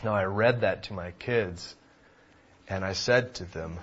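A man preaching a sermon, emphatic, swinging between loud passages and hushed ones, on a dull lo-fi recording. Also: low-pitched, a little slow, slight background noise. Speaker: pastor.

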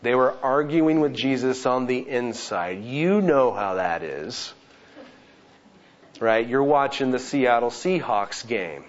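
A man's voice: mid-range voice, takes it slowly. Preaching man, slightly dull recording. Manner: earnest preaching with lively asides. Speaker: pastor. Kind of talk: sermon.

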